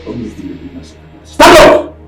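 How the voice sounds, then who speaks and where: A man's voice: mid-range voice, big pitch swings, moderate pace, a little mellow, natural voice. An actor with a Nigerian accent playing a cruel male gang leader who barks orders and mocks his victims. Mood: threatening. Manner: barking orders, mocking. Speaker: armed robber leader. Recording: roomy scene audio from a distance, music under.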